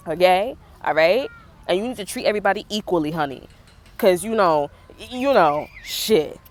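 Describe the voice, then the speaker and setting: A woman's voice: medium pitch, lively intonation, brisk. Brief: young pregnant woman, profane street-slang rant, fired-up vlog venting. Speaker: vlogger. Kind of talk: casual venting monologue.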